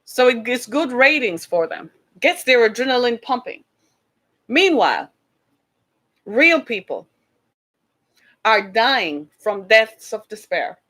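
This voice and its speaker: A woman's voice: on the high side, a bit bright. A woman hosting an online show, talking earnestly to her viewers, with preachy repeated calls for them to listen. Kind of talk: impassioned livestream talk to viewers.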